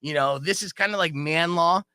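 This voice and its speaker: A man with a slightly high, clean voice speaks at a moderate pace in a dry, studio-quality recording. Hosting a morning radio show from the studio on a studio microphone, he tells a long, loose story in casual talk, swearing freely and animatedly acting out the voices of the people involved.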